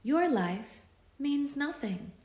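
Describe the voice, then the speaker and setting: Woman reading a quietly threatening villainess, calm and cold, in a roomy room. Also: high-pitched, takes it slowly, voice pushed up. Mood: cold menacing. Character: cold menacing female time-traveling villainess. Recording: roomy echo.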